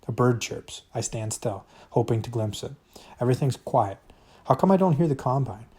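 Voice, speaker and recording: A man's voice: mid-range voice, lively intonation, moderate pace, dark tone, husky. A man reading a novel aloud, narrating expressively in the first person. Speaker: reader.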